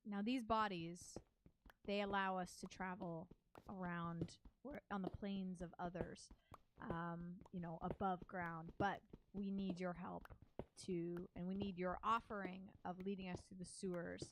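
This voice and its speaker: A woman's voice: fairly low pitch, little pitch movement, measured pace, slight background noise. Playful woman at a game table. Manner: giggly, playful. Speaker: player. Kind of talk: tabletop role-play.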